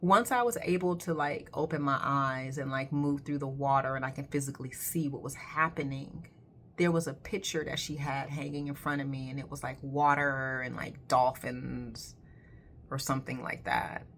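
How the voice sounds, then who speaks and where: A woman's voice: very deep voice, fairly even intonation, moderate pace, a bit bright, a little hiss or hum. A woman who works as a colon hydrotherapist, telling a personal story in a candid, emphatic way and swearing casually.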